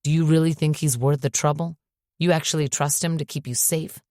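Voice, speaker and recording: Audiobook: woman reading a stubborn, protective dad, low, calm and matter-of-fact. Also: a little fast, no room sound, clean studio sound, lightly acted.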